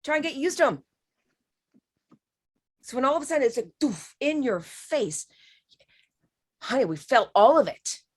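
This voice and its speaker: A woman's voice: sits high, expressive, a little fast, pauses often, husky. A woman giving a spiritual healing reading on a live stream, talking frankly and emphatically, swearing now and then and calling the listener honey.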